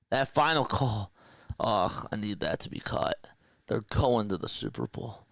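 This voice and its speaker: Excitable man on a live sports stream. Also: fairly low pitch, measured pace, no room sound, clean studio sound. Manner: excited, rambling, emotional fan talk. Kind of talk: casual live-stream chat.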